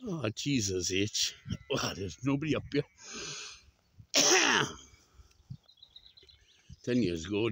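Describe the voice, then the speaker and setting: A man's voice: mid-range voice, creaky, a bit bright, husky, dry recording. A man walking up a hill outdoors at dawn, chatting to the camera, exclaiming and swearing at the sheep around him. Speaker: vlogger. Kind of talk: casual running commentary while walking.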